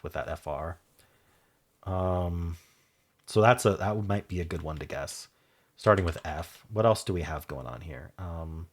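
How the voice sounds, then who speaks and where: A man hosting a word-puzzle video, thinking aloud as he solves it, spelling out letters and trailing off softly, with keyboard typing behind him. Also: low-pitched. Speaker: Wordle video host.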